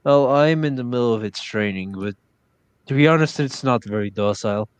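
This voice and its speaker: A man's voice: mid-range voice, a little fast, clear, resonant tone. A man playing a tabletop game, speaking in character in a formal, slightly stilted way. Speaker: player. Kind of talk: in-character tabletop role-play.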